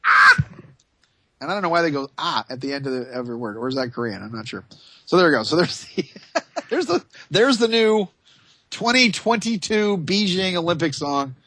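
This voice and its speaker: A male talk radio host with a fairly high, tense, forceful voice, recorded dry and close on a studio microphone. He rambles through his monologue with sarcastic, mocking asides. Between the asides he reads items aloud in a slower, deliberate voice. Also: no echo.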